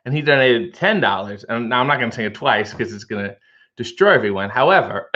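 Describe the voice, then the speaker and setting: A man's voice: mid-range voice, animated, brisk, pushed and bright, lo-fi sound. A man hosting a casual live stream, reading out viewer comments and answering them with wry, joking asides.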